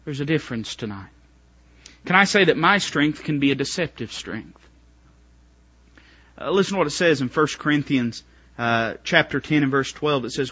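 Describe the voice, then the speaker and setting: Impassioned preacher, husky voice. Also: male voice, animated, normal speed. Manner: swings between shouted climaxes and hushed low passages. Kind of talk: sermon. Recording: muffled lo-fi church recording.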